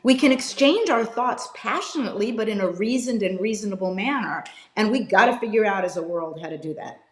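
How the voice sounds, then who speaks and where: A woman's voice: medium pitch, animated, a little fast, echoey room. A woman NFL analyst talking passionately and with emphasis as a guest on a video call interview.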